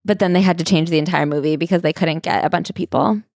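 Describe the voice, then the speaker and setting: A woman's voice: on the low side, steady tone, fast talker, creaky, a little mellow, no room sound, studio quality. A woman co-hosting a book club podcast, chatting and joking while recapping a memoir. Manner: chatty, jokes about the topic. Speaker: podcast co-host. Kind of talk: casual book club chat.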